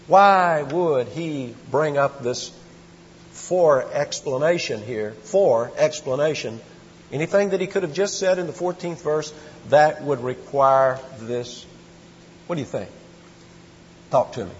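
A man's voice: a little high, lively intonation, takes it slowly, slight background noise. A man teaching a Bible study in a conversational, emphatic way, quizzing his listeners and reading scripture aloud. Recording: muffled echoey hall recording.

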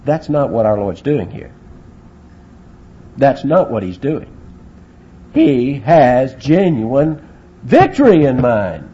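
A man's voice: mid-range voice, very animated, slow, pauses often, dark tone, muffled recording. A man preaching a sermon, asking rhetorical questions and acting out quotes. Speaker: pastor.

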